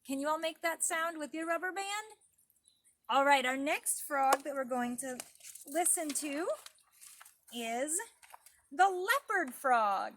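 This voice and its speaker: Animated high-pitched storytime lady. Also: a little hiss or hum. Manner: animated, sing-song teacher voice addressing small children. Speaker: children's librarian leading storytime. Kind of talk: preschool storytime lesson, outdoors. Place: garden by a pond, outdoors.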